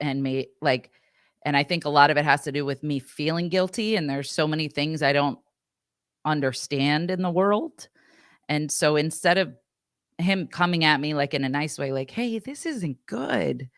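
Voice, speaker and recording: A woman's voice: low voice, moderate pace, no room sound, studio quality. A woman podcast co-host chatting casually, rambling and acting out what people said. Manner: rambling, animated, acts out quotes. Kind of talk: casual storytelling chat.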